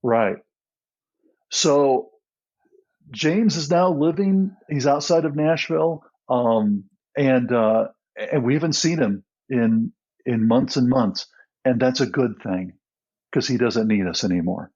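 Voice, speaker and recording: A middle-aged man, guest on a podcast, telling a story earnestly with frequent restarts and soft laughs. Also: mid-range voice, takes it slowly, highs cut off. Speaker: guest, nonprofit co-founder.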